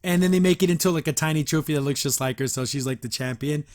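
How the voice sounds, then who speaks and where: A man hosting a casual episode review, chatty and quick to laugh, with lots of filler words. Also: fairly high pitch, a little mellow. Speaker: host.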